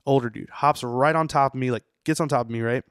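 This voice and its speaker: A man's voice: medium pitch, quick pace, a bit bright, clear, resonant tone, no room sound, clean studio sound. A young man, a tattooer, telling a story in a rambling, profane way full of "you know" on a podcast. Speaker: tattooer guest. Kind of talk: casual storytelling interview.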